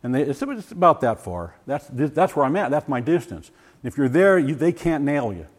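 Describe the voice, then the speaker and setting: Older guy telling his story to a group, animated, acts out voices, bit high voice. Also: moderate pace. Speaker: former science teacher giving a testimony. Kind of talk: personal testimony talk to a group.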